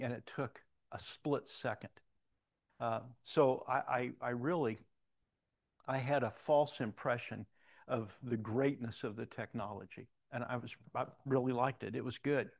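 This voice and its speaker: A middle-aged man preaching a sermon, telling personal stories and moving between loud emphatic questions and quiet reflective moments. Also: mid-range voice. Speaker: pastor.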